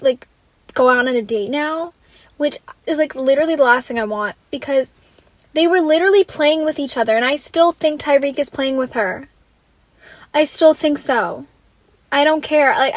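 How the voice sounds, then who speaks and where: A woman's voice: high-pitched, no room sound. A young woman hosting a solo podcast, ranting in an exasperated, casual way, swearing freely and saying "like" constantly. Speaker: podcast host.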